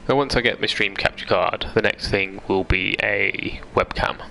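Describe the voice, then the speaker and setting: A man's voice: on the low side, normal speed, gravelly, pushed and bright, a little hiss or hum, poor audio. A young man streaming a game live, chatting casually, reading viewer comments aloud and laughing easily. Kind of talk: casual live-stream chat over gameplay. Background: game music.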